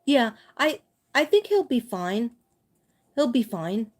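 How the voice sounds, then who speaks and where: A woman doing a livestream spirit reading as a psychic medium, gentle and reassuring, repeating her messages. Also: fairly high pitch, big pitch swings, takes it slowly.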